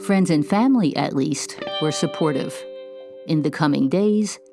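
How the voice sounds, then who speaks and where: A woman host giving measured, scripted narration of a story. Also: low voice, music in the background.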